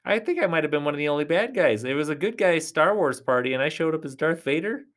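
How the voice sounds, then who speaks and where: A man hosting a casual solo podcast, rambling and chatty, talking straight to his listeners in a reassuring way, often dropping to soft near-whispers. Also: fairly high pitch, expressive, fast. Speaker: podcast host.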